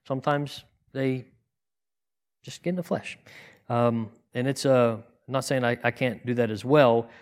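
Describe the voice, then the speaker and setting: Man, conversational sermon, earnest, plain-spoken, rhetorical questions, middle pitch. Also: fairly even intonation, a little slow. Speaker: teacher in a congregation.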